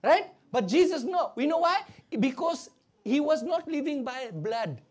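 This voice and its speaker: A woman preaches with fervour, drawing the congregation into call and response. Her voice sits fairly high and swings widely in pitch. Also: unhurried. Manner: animated preaching mixing English and Hindi, call and response. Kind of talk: sermon.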